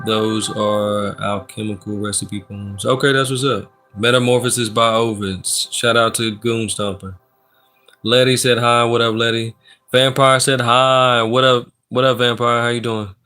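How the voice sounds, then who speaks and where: Male tarot streamer, easygoing and slangy, medium pitch, chatting over steady background music. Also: normal speed, clean tone. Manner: laid-back and slangy, reads out chat and gives shout-outs. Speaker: tarot reader and live streamer. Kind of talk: casual live-stream tarot reading.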